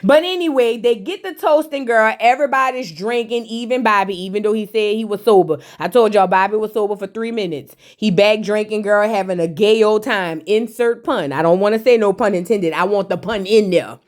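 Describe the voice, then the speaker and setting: A woman with a high, bright-pitched voice and a drawl, talking through a reality show episode like she's chatting with friends. She is sassy and slangy and keeps throwing teasing asides at the viewers. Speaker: reality TV recap host. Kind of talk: casual recap with commentary.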